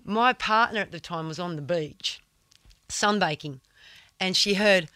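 A woman's voice: on the low side, measured pace, bright, forceful tone, no echo. Blunt woman telling stories. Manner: vivid, blunt storyteller who swears freely. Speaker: guest, surfer. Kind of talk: casual podcast storytelling.

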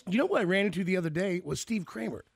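A man hosting a radio talk show, his voice gravelly and husky. He speaks with a lively, swinging pitch and eager enthusiasm, close and dry on the mic. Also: rapid-fire, no echo. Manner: enthusiastic, heaps on praise. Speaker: radio host. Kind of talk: casual chat.

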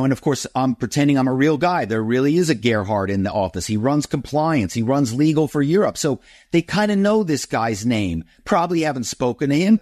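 A middle-aged guest author with a mid-range, slightly mellow voice tells stories in an interview, recorded at studio quality with no echo. He acts out phone calls, switching into other people's voices.

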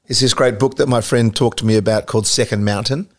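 A man hosting a podcast interview who asks short questions and gives soft interjections. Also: medium pitch, fairly even intonation, fast. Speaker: podcast host.

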